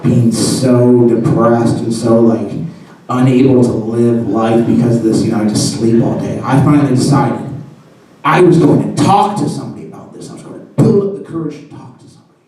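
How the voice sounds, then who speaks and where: A man's voice: medium pitch, fairly quick, dark tone, distant mic, a little hiss or hum. A man telling a personal story on stage, rambling and self-deprecating, full of fillers. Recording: roomy hall heard from afar.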